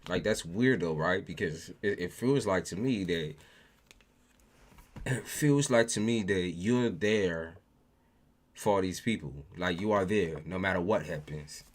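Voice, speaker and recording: A man gives a tarot reading on a livestream, speaking casually and profanely and often repeating phrases for emphasis. His voice is low and his pace measured.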